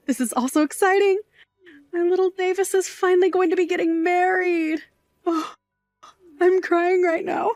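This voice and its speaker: A woman voicing a fond middle-aged aunt who works nights, sentimental and sassy in a scripted drama. Her voice sits high, and the sound is close and dry with no room around it. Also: vocal fry, darkish tone, no room sound, exaggerated voice.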